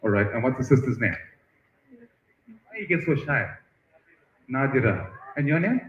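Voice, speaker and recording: A man hosting at a festival tent, chatting with and teasing visitors in a lively way. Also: medium pitch, normal speed. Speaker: event host interviewing visitors. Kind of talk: roving live-stream banter. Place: busy outdoor festival tent. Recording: echoey, muffled stream audio with crowd noise.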